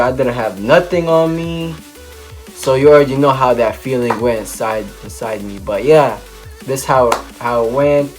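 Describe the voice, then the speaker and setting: A man's voice: medium pitch, a little mellow. A young man telling a casual storytime monologue for his vlog, rambling with lots of "like" and "and stuff". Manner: rambling, full of "like" and "and stuff", restarts. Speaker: vlogger.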